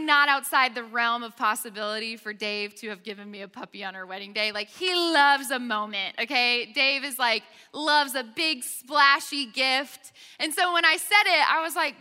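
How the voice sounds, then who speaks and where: A woman's voice: high-pitched, sharp tone. A young woman preaching to a college-age crowd in a chatty storytelling manner, often checking in with "okay?". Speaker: speaker at a college ministry gathering. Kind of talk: sermon. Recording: reverberant hall.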